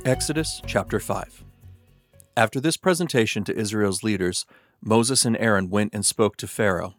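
Man narrating Bible reading, low voice, dry close mic, steady. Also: moderate pace, no echo, faint music behind. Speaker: scripture reader.

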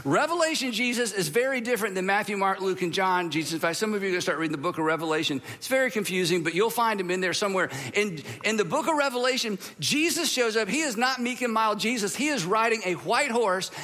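A man's voice: high voice, in a large hall. A male pastor giving a humorous sermon, telling stories with playful drama. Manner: animated, playful dramatic storytelling.

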